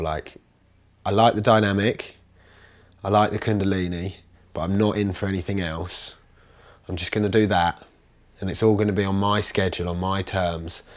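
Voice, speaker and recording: A man with a fairly low voice tells his story in a loose, conversational way. He rambles, restarts his sentences and gets animated as he goes. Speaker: interviewee, commune resident. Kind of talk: casual storytelling interview.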